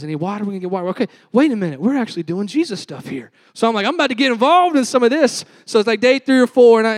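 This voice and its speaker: High-voiced man preaching a sermon. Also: dry recording. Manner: storytelling, addresses crowd as y'all, call and response. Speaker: youth pastor.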